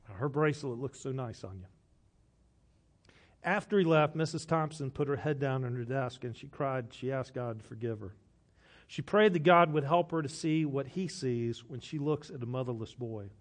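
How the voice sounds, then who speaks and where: A man, a pastor delivering a sermon who tells a story and drops to a hush for quoted lines. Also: medium pitch, normal speed.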